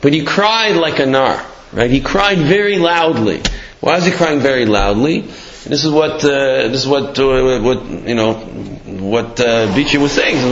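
A man's voice: fairly high pitch, lively intonation, a little slow, a bit bright, a little hiss or hum. A man giving a casual, storytelling Torah talk, sprinkling in Hebrew and Yiddish terms with many fillers. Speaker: Torah teacher. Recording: echoey dull lo-fi room.

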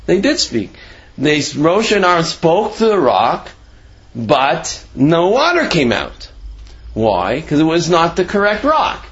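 A man leads a Torah class, explaining commentary in a loose, conversational way. His slightly high voice swoops widely as he acts out the people he quotes. The recording sounds dull and lo-fi. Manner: animated, acts out quoted speech with shifting voice; conversational, many "you know" asides and restarts. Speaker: Torah teacher.

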